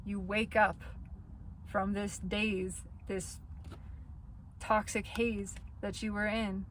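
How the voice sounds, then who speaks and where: A woman's voice: medium pitch, level tone, takes it slowly, fairly bright tone, a little hiss or hum. Earnest woman giving a spiritual reading. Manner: earnest, laughs through painful points. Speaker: tarot reader.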